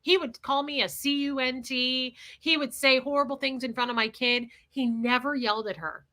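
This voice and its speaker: Bright, blunt woman telling a story. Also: high-pitched, moderate pace. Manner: candid, animated, blunt. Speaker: livestream host. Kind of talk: casual storytelling livestream.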